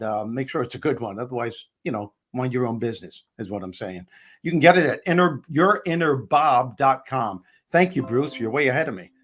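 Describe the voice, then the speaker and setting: A man hosting a live comedic talk show, upbeat and bantering with his co-hosts and viewers. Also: mid-range voice. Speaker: host. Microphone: headset.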